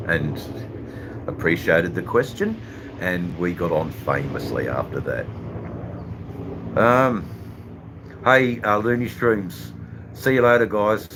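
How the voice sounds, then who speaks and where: A man's voice: low voice, sing-song, slow, pauses often, background noise. An Australian man hosting a live stream, chatting casually to viewers in a rambling, hesitant way full of ums and uhs. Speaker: livestream host.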